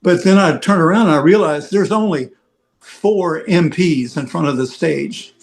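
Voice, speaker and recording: Rambling, higher-voiced storyteller man. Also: moderate pace, gravelly. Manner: rambling anecdotal, heavy "you know" fillers. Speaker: veteran rock roadie guest. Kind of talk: casual storytelling on a podcast.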